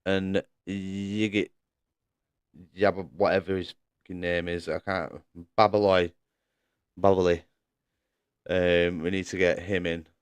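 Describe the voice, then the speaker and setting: A man's voice: low-pitched, flat delivery, unhurried, smooth, no echo. A man commentating a sim racing league live stream, chatting casually, laughing often and reading out viewers' messages.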